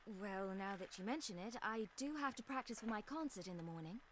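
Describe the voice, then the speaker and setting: A woman voicing a gentle, doting mother. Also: medium pitch, lively intonation, a little fast, slight background noise, lightly acted. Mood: fond. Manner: soft, fond, motherly. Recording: faint game audio from far off.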